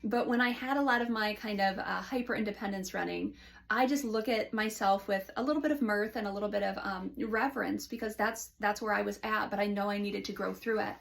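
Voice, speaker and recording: Brief: woman counselor with a gravelly edge and a mid-range pitch, reflective and candid, in an office setting. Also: steady tone, a little fast. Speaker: licensed counselor. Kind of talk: casual talk to camera.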